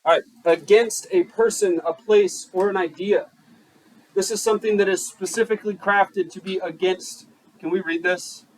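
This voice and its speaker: A man's voice: high-pitched, fairly even intonation, normal speed, low-quality recording. A male teacher giving a classroom lecture, joking and putting questions to the class. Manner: joking, keeps quizzing the class.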